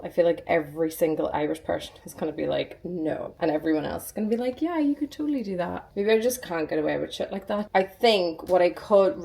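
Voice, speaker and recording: A woman's voice: mid-range voice, warm tone, a little hiss or hum. A young woman vlogging casually at home and in her car, gushing and chatty, swearing now and then. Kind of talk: casual vlog chat. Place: hot flat and car.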